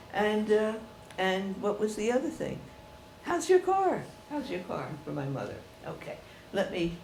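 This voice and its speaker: An older woman telling personal stories to an audience in a chatty, animated way. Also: deep voice, vocal fry, a little hiss or hum. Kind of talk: storytelling talk.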